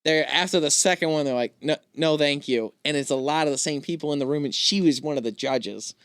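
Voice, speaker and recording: A man hosting a podcast, telling a story in casual chat, animated and laughing often. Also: a little high, quick pace, clean tone, no room sound, clean studio sound. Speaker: podcast host.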